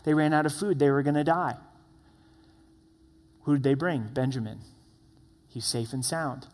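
Male preacher, slightly high voice, earnest sermon delivery, long hall reverb. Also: moderate pace, a little mellow. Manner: earnest, acts out quoted voices. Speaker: pastor.

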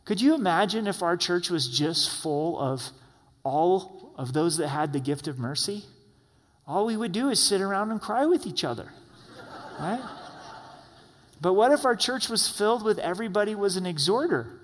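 A man's voice: high-pitched, expressive, normal speed. Chatty preacher man in a reverberant hall. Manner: conversational preaching with rhetorical questions. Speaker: pastor. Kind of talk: sermon.

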